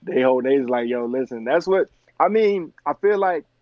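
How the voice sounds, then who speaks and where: A young man with a slightly high voice tells a story in loose, slangy speech full of fillers. The sound is dull and muffled, with no echo. He talks as a guest on a podcast. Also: animated, normal speed. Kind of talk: casual chat.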